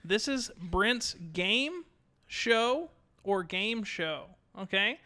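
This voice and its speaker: A young man co-hosting a casual gaming podcast, joking around and running a quick-fire quiz. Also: sits high, lively intonation, bright, forceful tone.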